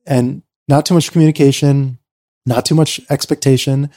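A man tells a personal story as an interview guest, swinging between excited rushes and quiet, reflective lows. He leans heavily on "like" as a filler.

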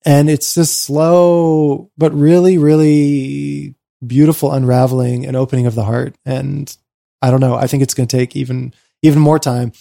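Animated man with a mellow voice. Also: gravelly. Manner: animated, swings from excited rushes to quiet reflective lows; frequent "like" fillers. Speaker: interview guest. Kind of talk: personal storytelling in conversation.

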